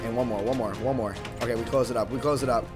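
A young man giving casual live gameplay commentary, excitable and quick to burst into shouts and panicked repeats. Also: medium pitch, over music. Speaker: gaming YouTuber.

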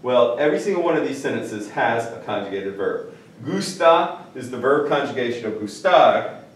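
Male teacher, animated, joking, heard from a distance in a roomy classroom. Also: medium pitch, slight background noise. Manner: lively, jokey, stretches out Spanish words slowly. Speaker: Spanish teacher. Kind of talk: classroom vocabulary lesson. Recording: echoey room, mic at a distance.

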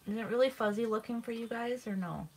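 A woman's voice: fairly high pitch, fast, poor audio. A middle-aged woman hosting a craft livestream, chatting casually with viewers while she demonstrates and yawns now and then. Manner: chatty and relaxed, with frequent yawns. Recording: steady background noise.

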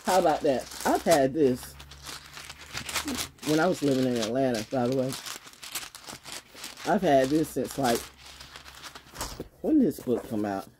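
A woman vlogging in a casual livestream monologue, blunt and swearing, laughing often and swinging from loud shouting to low muttering. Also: expressive, a little slow, long pauses, noisy background. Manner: blunt, swears, trash-talking.

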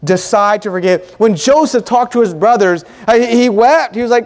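A man preaching a sermon in a church, earnest and emphatic, repeating points and pausing often. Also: very high voice, in a large hall. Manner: earnest, emphatic, with pauses and repetition. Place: church sanctuary.

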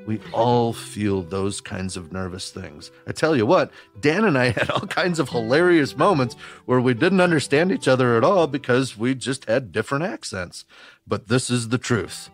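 A man working as a camp counselor, telling a personal story to children in an earnest, gently encouraging way. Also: mid-range voice. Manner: earnest and gently encouraging, talks straight to kids.

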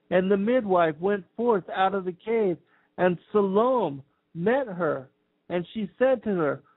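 A man reading an old scripture text aloud in a slow, measured, solemn way. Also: high voice. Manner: slow, measured, archaic phrasing. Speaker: scripture reader. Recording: tinny phone-like sound.

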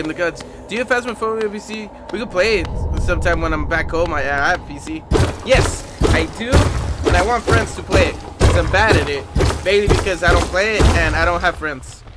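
A man streaming a video game live, chatting casually and excitably and swearing often, sounding tired. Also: high voice, heavy background noise. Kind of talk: casual live gameplay commentary.

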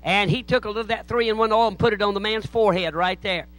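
A man's voice: high voice, fast talker, a bit bright, dry recording, poor audio. A man preaching a sermon in a church, telling folksy stories. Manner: folksy joke-telling, acts out voices in anecdotes. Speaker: pastor.

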